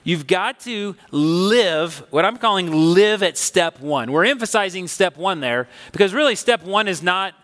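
A man preaching a sermon, telling a personal story in a conversational, animated, emphatic way. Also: high-pitched, unhurried, few pauses, in a large hall. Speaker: pastor.

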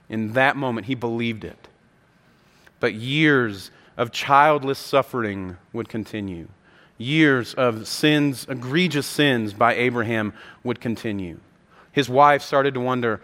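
A man's voice: medium pitch, fairly bright tone. A man preaching a sermon with passion, acting out the voices of the people in the story. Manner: impassioned, acts out the voices of the story. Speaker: pastor. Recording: long hall reverb.

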